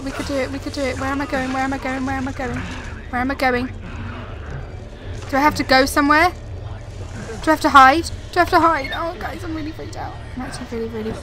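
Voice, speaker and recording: A young woman giving frightened, rambling live commentary on a horror game, often repeating herself and talking to her viewers. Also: high-pitched. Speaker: gaming video creator. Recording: noisy background.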